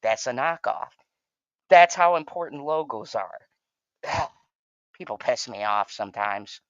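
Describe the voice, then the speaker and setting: A man's voice: medium pitch, lively intonation, a little slow, no echo, muffled recording. A man hosting a fan channel, giving a heated and profane reaction commentary.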